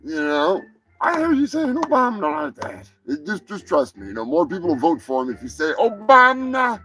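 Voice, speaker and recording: A man's voice: high voice, very animated, normal speed, pushed and bright, soft background music. Crude joking livestream host, man. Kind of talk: casual banter on a comedy livestream.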